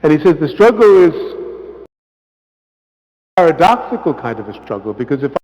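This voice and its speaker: A man, a visiting priest, giving an informal parish talk, conversational and often asking "right?", acting out quotes with lively emphasis. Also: a little high, a little fast. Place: church hall. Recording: echoey church hall, muffled sound.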